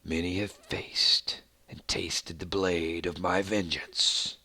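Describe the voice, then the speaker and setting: A man voicing a boastful, menacing male avenger in a slow, low whisper, turned away from the mic. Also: fairly even intonation, pushed and bright, slightly rough, no echo, exaggerated voice.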